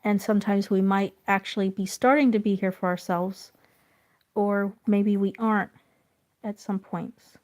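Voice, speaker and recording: A woman streaming while she draws, chatting casually and gently encouraging her viewers. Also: medium pitch, fairly even intonation, unhurried. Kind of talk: casual chat.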